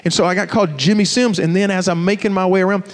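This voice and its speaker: High-voiced preacher in a reverberant hall. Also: male voice, fast. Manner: animated, joking storyteller addressing a crowd. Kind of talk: sermon with personal stories.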